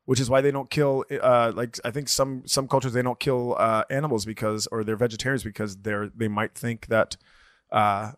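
A man's voice: medium pitch, steady tone, normal speed, dry recording, studio quality. A man in his thirties co-hosting a podcast, chatting casually with lots of fillers and restarts. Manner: rambling, hesitant, many fillers and restarts. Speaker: podcast co-host. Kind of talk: casual chat.

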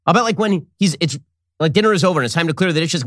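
A man hosting opinionated political commentary, sarcastic and rapid-fire. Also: fairly high pitch, expressive, a bit bright, dry recording, clean studio sound.

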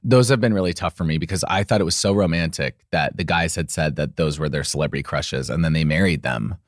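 Very low-voiced playful man. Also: quick pace, no room sound, studio quality. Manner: playful, campy, often laughing. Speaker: podcast co-host. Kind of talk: casual chat.

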